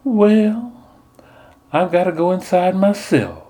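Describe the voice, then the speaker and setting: A man's voice: high voice, lively intonation, takes it slowly, dark tone, voice pushed up. A man voicing a nun who plays Portia as a flirty southern belle, with a silky, sweet, coy voice.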